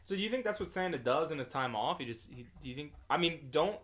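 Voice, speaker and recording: A man's voice: fairly high pitch, animated, fast talker, a bit bright. A man co-hosting a podcast, talking in wry, meandering casual chat with frequent restarts. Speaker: podcast co-host.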